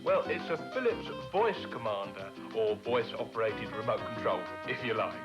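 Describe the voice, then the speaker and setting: A man's voice: fairly low pitch, sing-song, normal speed, muffled recording, music in the background. A man from the UK, hosting a comedy gaming show and presenting in a playful, silly way. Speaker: comic host. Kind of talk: comedy puppet sitcom.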